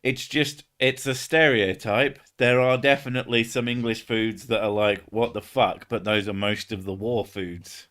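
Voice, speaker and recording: A man's voice: medium pitch, steady tone, moderate pace, few pauses, fairly bright tone. A young man hosting a casual stream chat, joking, swearing often and laughing between jokes. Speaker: streamer host.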